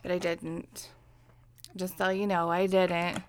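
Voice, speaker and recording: A woman's voice: on the low side, flat delivery, slow, a little hiss or hum. Chatty woman with a Jersey accent. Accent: New Jersey. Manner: chatty, swears freely, reads listener questions. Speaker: podcast co-host. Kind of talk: casual chat.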